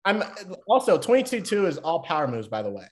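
A man's voice: on the high side, wildly swooping pitch, fairly quick. A man with a Southern US accent from Georgia, a podcast guest who chats in a rambling, self-laughing way. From Atlanta, Georgia. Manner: chatty, rambling, laughs at himself. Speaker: podcast guest, baseball player. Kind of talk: casual podcast chat.

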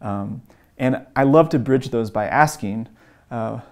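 A man's voice: medium pitch, unhurried. A man teaching an evangelism course, retelling stories in an earnest way with frequent um and uh fillers. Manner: lifts his voice when acting out quoted lines. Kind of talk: teaching talk with retold stories.

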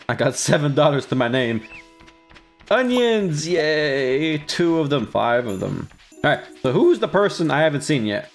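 Playful man narrating his own gameplay. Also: mid-range voice. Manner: playful, talks to himself, jumps into silly voices. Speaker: let's play gamer. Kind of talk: casual gameplay commentary.

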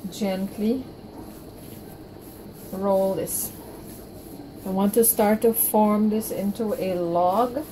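A woman's voice: medium pitch, background noise. A woman presenting a home baking tutorial, walking the viewer through each step with encouraging promises. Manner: warm step-by-step instructions with reassuring promises. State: out of breath from kneading. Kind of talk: cooking tutorial narration.

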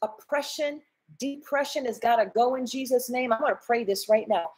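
A woman's voice: on the high side, normal speed, a little mellow, breathy edge, low-quality recording. A woman pastor and evangelist leading a fervent prayer, declaring and proclaiming in repeated phrases. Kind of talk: fervent sermon prayer to viewers. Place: church online broadcast.

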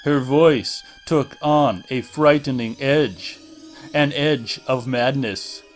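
Slow, dramatic male audiobook narrator. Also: mid-range voice, soft background music. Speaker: audiobook reader. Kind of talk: scripted horror narration.

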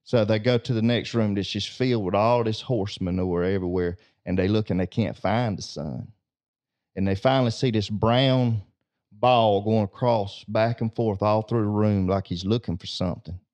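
A man's voice: lowish voice, moderate pace, darkish tone. A man, telling a homespun story with a moral as co-host of a discussion show. His delivery is folksy, and he repeats words as he builds to his point.

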